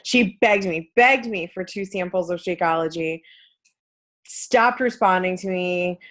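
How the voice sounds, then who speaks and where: A lower-pitched woman coach recounting a story on a team call. Her delivery is firm and matter-of-fact, with no patience for excuses. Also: unhurried, fairly bright tone.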